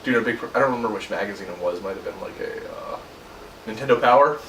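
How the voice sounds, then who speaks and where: A man's voice: lowish voice, fast talker, far from the mic, crowd noise. A man in his twenties co-hosting a podcast in casual chat, rambling and joking with teasing jabs. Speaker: podcast co-host. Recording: echoey room, off-mic, faint hiss.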